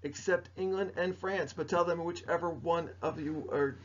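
A man's voice: a little high, fairly even intonation, normal speed, a little hiss or hum. A man teaching a recorded history lesson to students, playful and jokey, talking straight to them. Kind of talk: recorded mini lecture. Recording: dull lo-fi recording.

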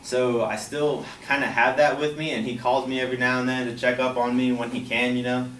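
A young man telling a personal life story in a casual, halting way, full of "like" and "you know". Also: mid-range voice, flat delivery, fairly bright tone. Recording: echoey, distant from the mic, faint background noise.

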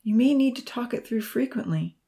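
Play a tender fatherly professor in a storybook, soft and caring, as a woman reading it. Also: a little high, lively intonation, a little fast, voice pushed up. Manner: gentle and tender. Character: kind fatherly male professor.

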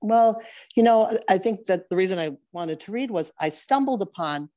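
A woman's voice: medium pitch, animated, warm tone. A woman in a spiritual study group, speaking earnestly and searching for her words. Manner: earnest, searching, halting restarts. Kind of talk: casual spiritual discussion.

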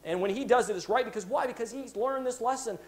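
A man's voice: very high-pitched, quick pace. A man preaching a sermon in a church, telling a Bible story and acting out its characters' words. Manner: animated preaching, acts out quoted voices. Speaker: pastor.

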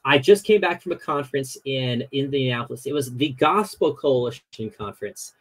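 A man who is a podcast guest tells stories in a casual, animated way, using many "you know" fillers. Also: medium pitch, moderate pace, rough recording. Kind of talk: casual storytelling chat.

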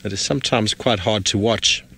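A man guiding a live safari broadcast outdoors, talking viewers through a wildlife sighting in lively commentary. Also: fairly low pitch, moderate pace, gravelly, slightly rough. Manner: animated, speaking to viewers directly. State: out of breath. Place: outdoors in the bush, on a game drive.

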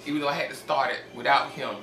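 A man's voice: medium pitch, steady tone, fast talker, over music. Tired, chatty man cooking in an echoey kitchen. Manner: chatty, folksy, addresses viewers as y'all. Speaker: home cook and channel host. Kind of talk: casual cooking demonstration. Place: home kitchen. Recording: echoey kitchen from a distance, noisy background.

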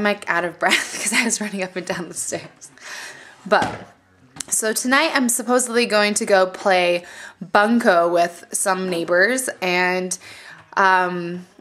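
A young adult woman chatting casually for a home vlog, often soft and hushed, tired and a bit unwell. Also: medium pitch, slight background noise. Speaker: mom vlogger. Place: family home, basement playroom.

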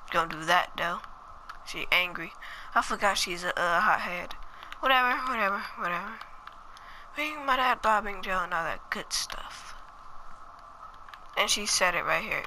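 Woman playing a life sim and talking slangy to viewers, real sharp bright voice, mutters stuff under her breath. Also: medium pitch, slight background noise, low-quality recording. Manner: slangy, chatty, mutters asides to herself while playing. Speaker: gaming channel host. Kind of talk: casual gameplay commentary.

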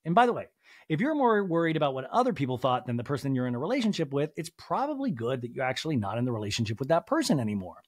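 Animated man recapping a reality show. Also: medium pitch, racing, no room sound, studio quality. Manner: animated, acts out the scene's dialogue. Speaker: podcast host.

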